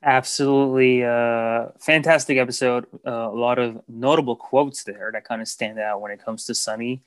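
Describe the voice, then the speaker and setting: A man's voice: mid-range voice, moderate pace, no echo. Guy cohosting a chill podcast, easygoing and upbeat, lots of uhs, dry close sound. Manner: relaxed, enthusiastic, many fillers. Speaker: podcast co-host. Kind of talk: casual podcast chat.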